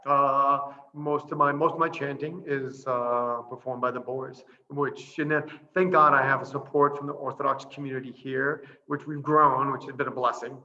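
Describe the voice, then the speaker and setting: A man who is a priest and orphanage director, chatting casually over a video call, animated and laughing often as he tells stories. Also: medium pitch, moderate pace, few pauses, muffled recording. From Boston area. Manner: laughing often, animated storytelling with voiced asides.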